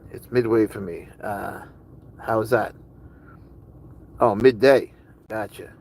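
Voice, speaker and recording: A man's voice: lowish voice, fairly even intonation, takes it slowly, creaky, darkish tone, poor audio. A man streaming live, casually chatting with viewers and answering their comments in a rambling, curious way.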